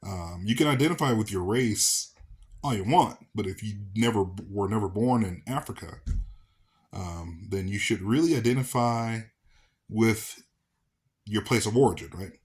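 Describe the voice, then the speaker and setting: A man's voice: lowish voice, moderate pace. A man from the American South talking casually to camera as a vlogger, rambling with fillers and restarts. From Southern United States.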